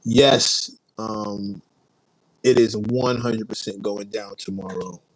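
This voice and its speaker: A man from New chats easily on a livestream, wandering from thought to thought and answering viewers by name. His voice sits low, and the sound is close and dry. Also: steady tone, takes it slowly, no room sound, rough recording. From New York. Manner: rambling, laid-back, reads and answers chat. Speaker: livestream host. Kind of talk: casual livestream chat.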